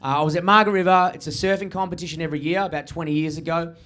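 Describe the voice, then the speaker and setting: A man with an Australian accent performing a stand-up set into a handheld mic, with loose, high-energy storytelling. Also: fairly even intonation, very fast, fairly bright tone. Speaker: stand-up comedian.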